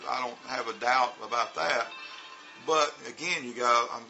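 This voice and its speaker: A man's voice: mid-range voice, moderate pace, vocal fry, pushed and bright, dull audio, soft background music. A middle-aged man vlogging in a casual monologue about teaching, rambling, repeating words and using lots of fillers. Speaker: vlogger and former teacher in China.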